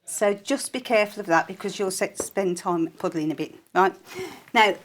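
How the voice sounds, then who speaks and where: A woman's voice: mid-range voice, moderate pace, slight background noise. A woman giving a live sewing demonstration on a shopping channel, chatty and jokey as she explains each step.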